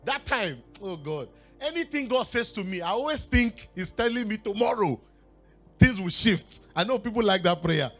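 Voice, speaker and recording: Animated Nigerian preacher, high lively voice. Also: male voice, moderate pace, faint music behind. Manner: storytelling with bursts of laughter and shouted exclamations. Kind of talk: sermon.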